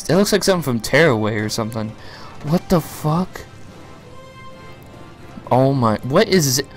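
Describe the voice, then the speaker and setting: A young man reacting live to a game presentation, gasping, shouting and swearing in surprise. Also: medium pitch, animated, normal speed, long pauses, faint music behind. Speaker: reaction streamer.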